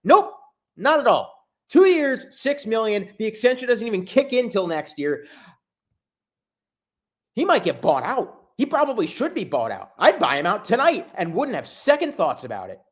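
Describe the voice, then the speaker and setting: A man hosting a solo sports podcast, exasperated, swinging between low muttering and loud outbursts. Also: huge pitch swings, normal speed. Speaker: podcast host.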